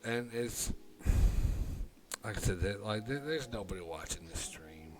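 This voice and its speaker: A man streaming alone, talking through his thoughts in a rambling, halting way, often swearing and putting on a southern drawl. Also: on the low side, lively intonation, background noise. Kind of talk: casual live-stream monologue. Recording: loud music behind the voice.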